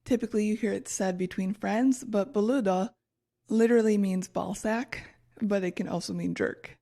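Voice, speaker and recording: A woman's voice: mid-range voice, normal speed, gravelly, dark tone. A woman co-hosting a podcast, reading her research notes in casual chat and laughing at her own stumbles. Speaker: podcast co-host.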